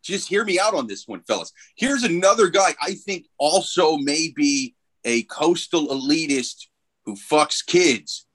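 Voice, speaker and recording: A man's voice: a little high, animated, a little slow, a bit bright. A man voicing a male conspiracy believer who coaxes and pleads in a wheedling way. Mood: coaxing.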